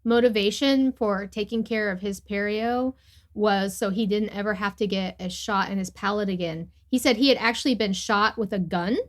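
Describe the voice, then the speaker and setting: A woman's voice: mid-range voice, normal speed. A woman co-hosting a podcast among dental hygienists, chatting casually, teasing the others and laughing easily. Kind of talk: casual chat.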